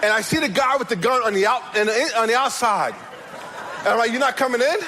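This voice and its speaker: High-voiced, animated male pastor. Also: slight background noise, rough recording. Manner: animated, many quick restarts and repeated words; acts out voices in his stories, rising to emphatic peaks. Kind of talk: storytelling sermon.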